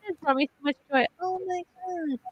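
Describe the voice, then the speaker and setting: A woman's voice: extremely high pitch, moderate pace, muffled recording. A woman hosting a casual group chat, gushing as she reads out viewer gifts and thanks them. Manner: gushing, animated reading out gifts. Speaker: host.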